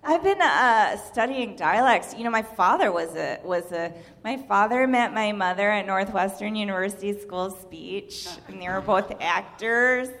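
A woman's voice: mid-range voice, animated, normal speed, hardly any pauses, a bit bright, in a large hall. A woman who works as a dialect coach, a guest on a comedy panel show, chatting playfully. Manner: playful, does voices.

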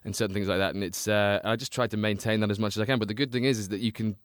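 A man, a guest actor on a comedy panel show, explaining things in a relaxed, rambling way. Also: on the low side, rapid-fire, no room sound, studio quality.

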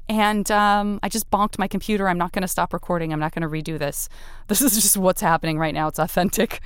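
A podcast host with a lowish, steady voice speaks quickly and chats earnestly during a casual interview and member appeal. She grows emotional, nearly crying as she thanks her listeners. The recording is clean with no echo.

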